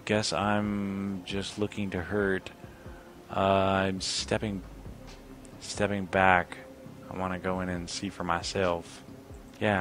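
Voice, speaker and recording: A man's voice: low-pitched, fairly bright tone, slight background noise. A young man giving casual let's-play commentary, sarcastically reading game dialogue aloud in a lightly raised voice. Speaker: gaming video host.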